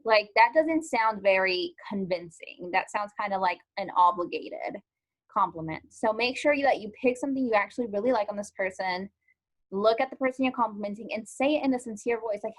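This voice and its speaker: A woman's voice: medium pitch, normal speed. A woman teaching a social skills lesson to an online class. She talks in a chatty, informal way, with many "ums" and "likes", and keeps asking the students questions.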